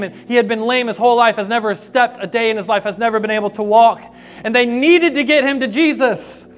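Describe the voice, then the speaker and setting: A young adult man, a pastor, preaching a sermon with storytelling, moving from hushed, quiet passages to emphatic rises. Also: very high voice. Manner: storytelling, voicing quoted people, swings from hushed to emphatic.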